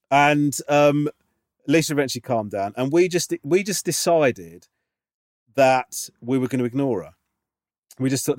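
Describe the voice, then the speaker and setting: A man's voice: medium pitch, a little mellow, no echo, studio quality. A man co-hosting a podcast, telling rambling, sweary anecdotes in casual chat. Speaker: podcast co-host.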